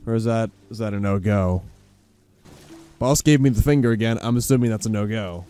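A man hosting a profane let's play commentary, sarcastic and swearing constantly, bursting into yells. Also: on the low side, brisk, smooth, soft background music. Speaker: gaming channel host.

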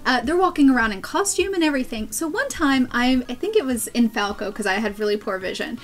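A woman's voice: a little high, fast. A woman co-hosting a podcast, telling a story in a bubbly, laughing way. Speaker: podcast co-host. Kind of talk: casual storytelling chat.

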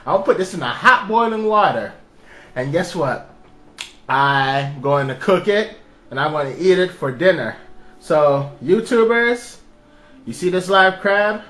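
Young man, slightly high voice, excitable, cursing, casual home vlog. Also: measured pace. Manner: excitable, profane, talks to a pet. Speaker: vlogger. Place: home kitchen sink.

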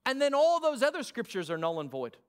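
A male pastor with an Australian accent preaching a sermon, lively with sarcastic asides. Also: very high-pitched, brisk, clear, resonant tone.

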